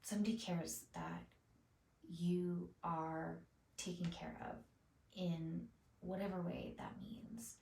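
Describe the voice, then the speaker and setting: A woman vlogging to camera in a soft, often half-whispered, emotional way, set back from a camera mic. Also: lowish voice, steady tone, takes it slowly, vocal fry, recorded from a distance. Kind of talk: heartfelt vlog monologue. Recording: roomy sound from off the mic, faint noise.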